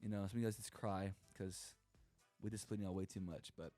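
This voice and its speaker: A man's voice: sits low, steady tone, fairly quick, warm tone, faint music behind. A young man talking casually on a podcast, rambling and joking as he acts out quoted voices. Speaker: podcast co-host. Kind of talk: casual comedic monologue.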